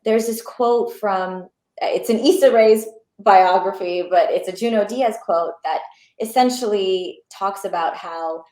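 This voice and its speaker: A young woman talks casually as an interview guest, lively and full of enthusiasm, filling her sentences with little fillers. Her voice sits at a middle pitch. The room around her sounds noticeably echoey. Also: a little slow. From Pakistani and Bangladeshi heritage. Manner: animated, enthusiastic, many fillers. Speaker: actor guest.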